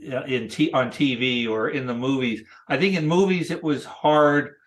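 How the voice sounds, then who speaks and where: A man in his sixties, a cartoonist guest, chatting casually in a thoughtful, halting way with many restarts. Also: medium pitch. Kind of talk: casual interview chat.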